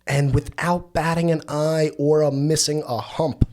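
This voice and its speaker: A man's voice: fairly high pitch, little pitch movement, measured pace, darkish tone. A young man hosting a podcast, telling loose, profane stories in casual chat and raising his voice when he quotes friends. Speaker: podcast host.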